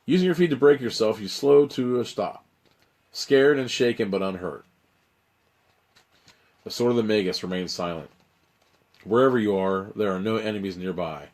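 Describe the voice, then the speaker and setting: A man's voice: on the low side, a little fast. A man hosting a livestream, reading an adventure gamebook aloud with wry, irreverent asides and casual swearing.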